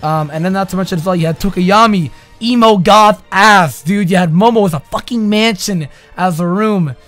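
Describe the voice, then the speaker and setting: A young man chats through an anime episode review in a casual, slangy way. His voice sits high, and he jumps from loud, excited outbursts to quiet mumbles. Faint music plays underneath. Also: a little fast.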